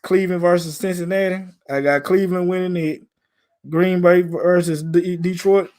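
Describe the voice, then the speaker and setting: A man's voice: high voice, steady tone, moderate pace, darkish tone. A man from Memphis with a Southern accent, hosting a casual live stream about football in a laid-back, slangy way. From Memphis, Tennessee.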